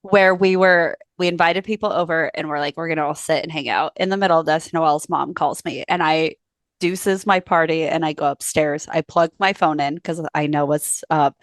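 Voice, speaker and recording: A woman's voice: low voice, fairly even intonation, normal speed, dry recording. Crude, self-mocking woman podcast co-host. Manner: playful, crude, self-mocking, laughing storyteller. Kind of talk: casual chat.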